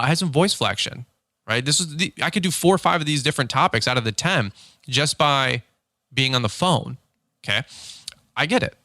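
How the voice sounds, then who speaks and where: A man's voice: medium pitch, bright, forceful tone, dry recording, clean studio sound. Blunt, fired-up male podcast host. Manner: blunt, emphatic, repeats phrases, acts out quoted voices. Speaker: podcast host, lawn care business owner. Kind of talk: energetic motivational podcast talk.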